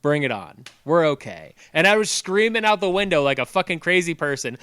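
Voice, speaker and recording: Young guy cussing thru a story on a podcast, bright crisp voice, dry sound. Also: sits high, normal speed, few pauses, no echo. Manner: profane, animated storytelling that swings into loud yelling. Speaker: podcast co-host. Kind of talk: casual storytelling chat.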